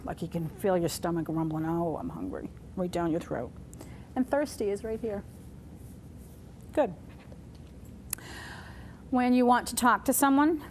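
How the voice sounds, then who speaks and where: A woman's voice: fairly low pitch, a little mellow, a little hiss or hum. A woman teaching a sign language class, patiently talking through each sign as she shows it. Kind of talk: classroom instruction. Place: community center classroom.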